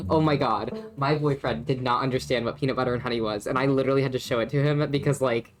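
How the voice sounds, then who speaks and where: A woman's voice: extremely low pitch, quick pace, hardly any pauses. A young woman streaming a story game, chatting casually with her chat, swearing and laughing often.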